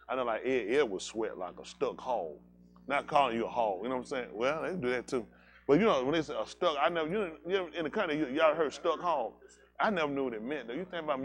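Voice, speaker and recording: A male pastor, telling country stories to his congregation in a loose, joking way and laughing at his own jokes. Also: mid-range voice. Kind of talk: casual storytelling sermon.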